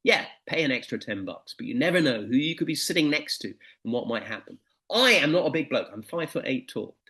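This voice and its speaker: A man's voice: mid-range voice, brisk. A middle-aged man giving a motivational presentation, telling anecdotes and stories. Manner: anecdotal, animated storytelling. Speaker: motivational speaker.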